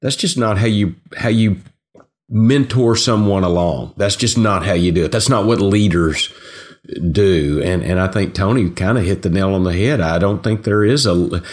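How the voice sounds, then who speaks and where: Male co-host, very deep voice, hesitant, lots of fillers. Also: moderate pace. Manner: hesitant, many fillers and restarts. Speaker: podcast co-host. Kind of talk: casual sports podcast chat.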